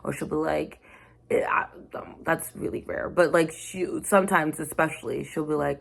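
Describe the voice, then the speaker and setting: A woman's voice: low-pitched, fairly even intonation, moderate pace, vocal fry. A woman host talking in a casual, frank and rambling way, full of slang, about being a mother. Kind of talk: casual chat.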